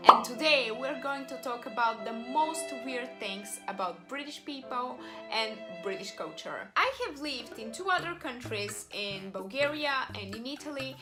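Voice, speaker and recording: A woman's voice: fairly high pitch, animated, moderate pace, music in the background. A woman vlogging to camera in a casual, joking way with confiding asides.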